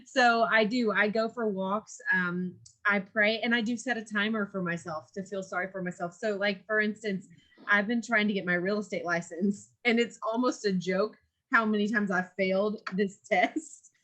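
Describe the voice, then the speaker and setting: A bright, ringing woman's voice belongs to a podcast co-host chatting casually. She talks in an animated way, laughing often and slipping into a stern mom tone for her stories. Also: mid-range voice, normal speed. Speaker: mother. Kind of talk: casual chat.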